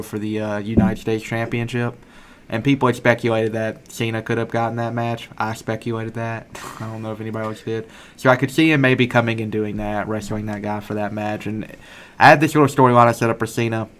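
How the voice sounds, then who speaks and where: A man co-hosting a podcast in casual, rambling chat, thinking out loud and talking over his friends. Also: on the low side, little pitch movement, a little fast, a little hiss or hum. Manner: rambling, talks over others. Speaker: podcast co-host.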